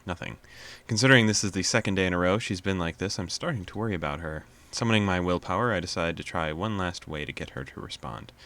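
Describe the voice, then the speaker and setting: A man's voice: sits low, quick pace, hardly any pauses, fairly bright tone. A man hosting a let's play, casually reading a visual novel's narration aloud with amused asides.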